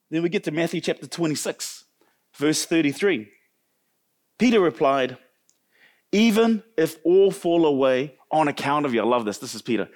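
A man delivers a sermon in a conversational, animated way. His voice sits a little high for a man, and he acts out the characters he quotes with sudden leaps in pitch. He often repeats and restarts his words as he goes. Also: moderate pace. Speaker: pastor.

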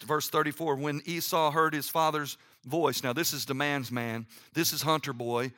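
A middle-aged man preaching a sermon as pastor, telling family stories and reading scripture aloud, sometimes dropping to a hushed low voice. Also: normal speed, few pauses. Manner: animated storytelling with sudden drops to a hushed, low voice; reads scripture aloud, acting out the characters' lines.

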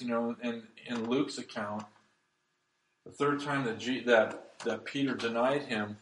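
A pastor preaching a sermon, swinging between loud emphasis and hushed, soft passages. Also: male voice, medium pitch, fairly even intonation, a little slow, reverberant, low-quality recording.

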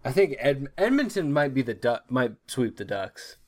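A young man in casual webcam sports talk, easygoing and a little unsure, filling gaps with ums. His voice sits at an ordinary middle pitch. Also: very animated, normal speed, a little mellow. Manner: laid-back, hesitant, many fillers. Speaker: podcast co-host.

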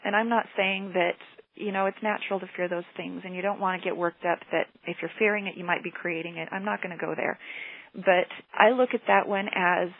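A middle-aged mother telling a personal story in an earnest, halting way, often repeating words. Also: fairly low pitch, steady tone, dry recording. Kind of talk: personal testimony. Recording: tinny phone-line sound, dry.

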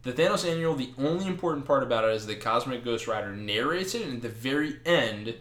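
A man in casual podcast chat, retelling a comic book with lots of swearing and quick acted-out lines. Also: medium pitch, reverberant. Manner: animated, swears freely, acts out characters' lines.

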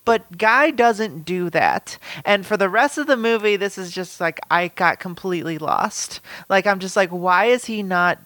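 A woman in casual conversation, recapping a film's plot and acting out quick quotes from its characters. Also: medium pitch, fairly bright tone, no echo. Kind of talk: casual film discussion.

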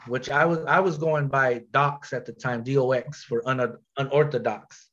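A man with a nasal voice, a rapper guest telling a story in casual chat, slangy and quick to repeat and restart his words. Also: medium pitch, highs cut off.

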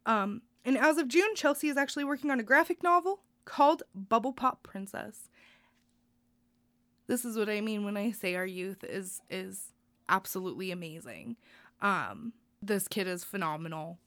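A woman's voice: mid-range voice, expressive, normal speed, fairly bright tone, no echo. A young adult woman co-hosting a podcast, sharing good news in a heartfelt, rambling way with plenty of fillers. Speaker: podcast co-host. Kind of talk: casual news chat.

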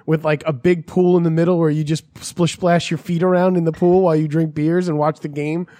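A man talking casually, rambling through stories with plenty of swearing and bits of acted-out dialogue. His voice sits a little high for a man. The recording is close and dry. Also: little pitch movement, fairly quick, warm tone, dry recording. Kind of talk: casual chat.

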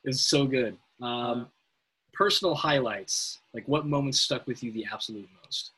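A man's voice: medium pitch, normal speed, poor audio. A man hosting a casual film podcast, asking questions and agreeing with his guest. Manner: relaxed, affirming, asks guest questions, swears casually.

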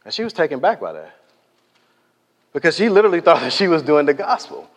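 A man delivers a sermon in a storytelling way, leaning hard on key lines and then falling almost to a whisper. His voice sits a little high for a man. The sound rings with the long reverb of a large hall. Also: very animated, fast. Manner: storytelling, emphatic, drops to near-whispers for effect. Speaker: preacher.

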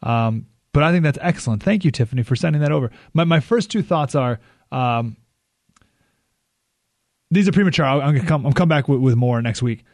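A man's voice: medium pitch, lively intonation, a little fast, dry recording. A man hosting a call-in radio talk show, talking casually with frequent restarts and dry sarcasm. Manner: conversational, restarts often, joking sarcasm. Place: radio studio.

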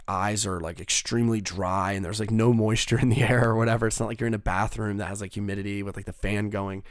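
A man's voice: on the low side, a little mellow, no room sound, clean studio sound. A young man casually telling a long personal story, rambling and swearing, with lots of filler words.

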